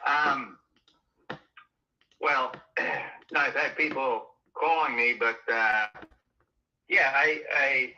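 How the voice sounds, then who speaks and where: A man selling his house on a phone call, hesitant and full of ums, clearing his throat. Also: medium pitch, extremely slow, pauses often, pushed and bright, slight background noise. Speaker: home seller on a phone call.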